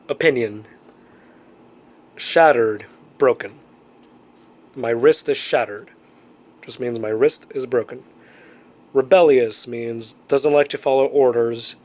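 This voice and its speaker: A man's voice: mid-range voice, a little mellow. A male teacher giving a recorded vocabulary review lesson, explaining words plainly and often checking in with students.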